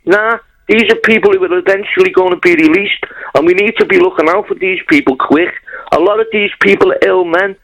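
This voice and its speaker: A man's voice: high-pitched, brisk, fairly bright tone. A man calling in to a radio show, telling his story in a blunt, heartfelt way over a phone line. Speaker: caller. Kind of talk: phone-in call.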